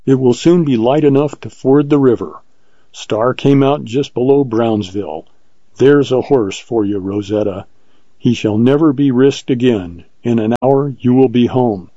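A man reading aloud in his own voice as an earnest, devoted frontier ranger who speaks in a measured way. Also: mid-range voice, mellow, no room sound, highs cut off, close to an everyday voice.

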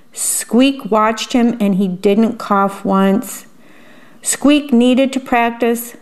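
A woman reading a picture book aloud and pausing to describe the pictures in a chatty aside. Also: medium pitch, a little mellow. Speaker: storyteller.

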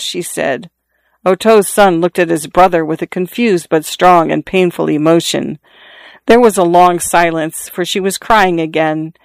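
Smooth, measured audiobook narrator. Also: mid-range voice, fairly even intonation, no echo.

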